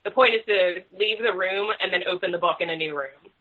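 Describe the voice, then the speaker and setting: Chatty, animated woman on a muffled recording. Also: fairly low pitch, brisk, breathy edge. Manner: chatty, animated, swears freely. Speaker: guest author. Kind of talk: casual podcast chat.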